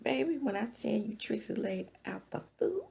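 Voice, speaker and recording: A woman's voice: medium pitch, animated, normal speed, gravelly, a little mellow. A woman giving a sassy, gossipy recap of a reality show, dropping whispered asides. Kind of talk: casual recap commentary.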